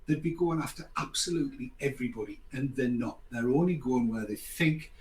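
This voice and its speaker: A man's voice: medium pitch, a little fast, darkish tone. Older man host in an echoey room. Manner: sarcastic, rambling, mock apologies. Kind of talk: casual podcast chat. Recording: echoey room, faint background noise.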